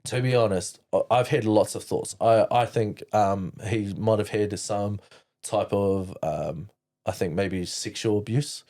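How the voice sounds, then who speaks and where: Mellow-voiced New Zealand man telling his story. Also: fairly low pitch, a little slow. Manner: rambling, swears freely, many fillers and restarts. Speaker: podcast guest. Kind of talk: candid personal storytelling.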